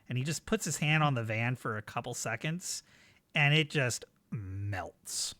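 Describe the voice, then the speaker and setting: A man running a tabletop game, setting the scene in a loose, chatty way with plenty of fillers. His voice is bright and forward, the recording dry and close. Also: mid-range voice, expressive, measured pace, no room sound. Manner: casual narration with fillers. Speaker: game master.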